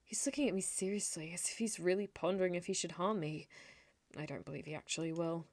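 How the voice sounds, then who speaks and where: A young woman streamer reading a story game aloud, animated, laughing and breaking off to comment. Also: on the low side, quick pace, dry recording.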